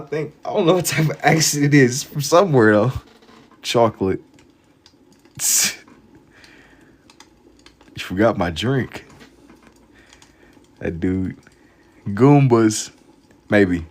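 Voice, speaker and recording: A laid-back young man talks loosely with his live-stream chat as he draws, dropping slang between thoughts. His voice sits a little low. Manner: laid-back slang-heavy banter, reads chat aloud. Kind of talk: casual live-stream chat while drawing.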